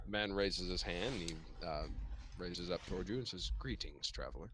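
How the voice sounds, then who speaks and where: A man's voice: sits low, fairly even intonation, moderate pace, background noise. A man running a tabletop game as game master, narrating loosely with fillers and laughs.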